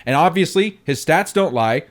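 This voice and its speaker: An upbeat man co-hosts a casual gaming podcast and talks about new content with enthusiasm. His voice is fairly high and moves widely in pitch as he talks. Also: expressive, moderate pace. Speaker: podcast co-host.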